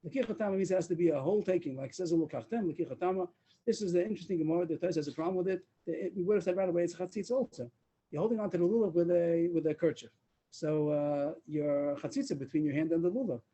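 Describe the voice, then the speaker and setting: A man teaching a daf yomi Talmud class over a video call, explaining fast and mixing English with Talmudic Hebrew and Aramaic terms. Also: on the high side, warm tone, poor audio. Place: online meeting room.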